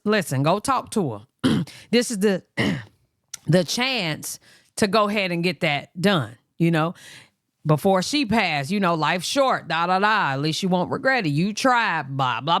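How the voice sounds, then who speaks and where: Man, casual storytelling host, lively swinging pitch, dry close sound. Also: dry recording. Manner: animated, acts out quoted voices in high pitch.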